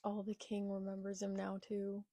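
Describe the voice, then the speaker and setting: A young woman reading a manga aloud and reacting live, excitable, with gasps and whispered asides. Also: mid-range voice, moderate pace, no room sound.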